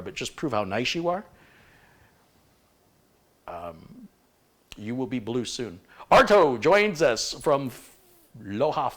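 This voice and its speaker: A man hosting a casual livestream, joking and rambling as he reads out viewer greetings. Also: fairly low pitch. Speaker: livestream host.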